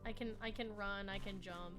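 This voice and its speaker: A woman's voice: mid-range voice, steady tone, moderate pace, music in the background. A woman in her twenties chatting casually while playing a game on stream, rambling and giggly. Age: 20s. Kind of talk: casual gaming chat.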